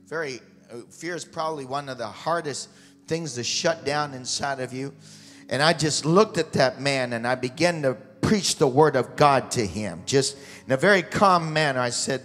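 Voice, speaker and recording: A male missionary preacher telling a testimony in a sermon, rambling at first and building to fervent shouted preaching. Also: mid-range voice, normal speed. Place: church sanctuary. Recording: long hall reverb with faint music.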